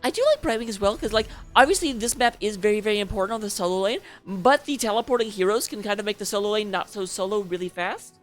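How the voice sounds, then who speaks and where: A woman's voice: mid-range voice, fast talker, hardly any pauses, soft background music. A woman casting a live esports match as its host, chatty and playful, joking between the picks. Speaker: esports caster.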